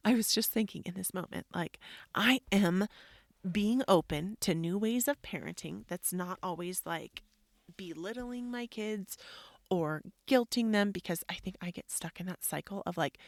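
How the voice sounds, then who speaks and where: A woman's voice: medium pitch, vocal fry, no echo, clean studio sound. A woman in her thirties, a mother talking through her parenting struggles, chatty and reflective, filling her talk with "like" and acting out what people said. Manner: chatty, frequent "like", acts out quotes. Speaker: podcast host. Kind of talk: personal reflective monologue.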